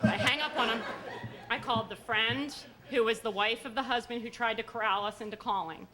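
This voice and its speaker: A middle-aged woman telling a comic story on stage in an animated, high-strung way. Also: a little fast, loud music behind the voice. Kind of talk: live storytelling performance. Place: live stage at a story slam.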